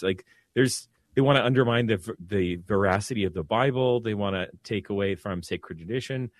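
Calm low-voiced priest on the radio. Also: male voice, no echo. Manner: calm, drops his voice low to soothe. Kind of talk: casual radio talk.

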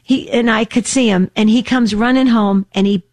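A woman in her sixties, co-hosting a casual radio show, telling a story with animated, acted-out voices. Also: on the high side, moderate pace, dry recording. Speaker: co-host.

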